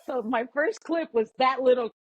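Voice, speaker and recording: Husky-voiced woman telling a lively story. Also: sits high, moderate pace, no echo, lo-fi sound. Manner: animated, acts out quoted voices, lots of "like". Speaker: podcast guest. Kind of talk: casual storytelling chat.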